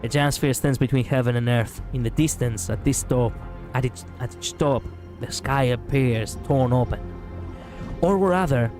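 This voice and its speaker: On a gameplay livestream, a man from Greece reads the game's text aloud in a mid-range, darkish voice. He keeps it playful, slipping laughter and quips in between the lines he reads.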